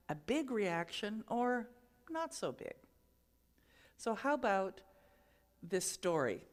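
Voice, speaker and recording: Woman minister, mid-pitched, gentle conversational sermon delivery.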